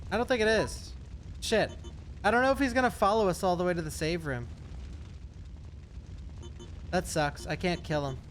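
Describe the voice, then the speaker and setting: A male streamer giving live gameplay commentary, excitable and chatty with his viewers. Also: high voice, normal speed, long pauses, a little hiss or hum. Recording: game music behind voice.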